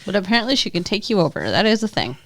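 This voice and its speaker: A woman co-hosting a podcast, chatting casually and teasing her co-host with quick interjections. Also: mid-range voice, sing-song, no echo. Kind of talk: casual chat.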